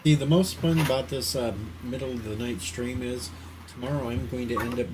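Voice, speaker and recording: A man who streams, chatting in an easygoing, rambling way with quick asides. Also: mid-range voice, fairly even intonation, noisy background. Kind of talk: casual group chat on a livestream.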